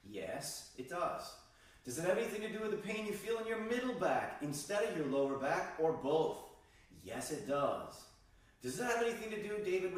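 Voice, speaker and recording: A man teaching qigong, calmly guiding breathing exercises and demonstrating the sounds himself. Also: on the high side. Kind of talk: instructional demonstration. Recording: very echoey room, distant mic.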